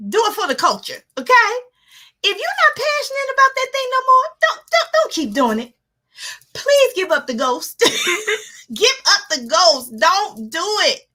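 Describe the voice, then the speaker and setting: A woman life coach giving an energetic motivational talk, animated and laughing often as she acts out her own reactions. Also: high-pitched. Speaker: life coach hosting a live motivational session.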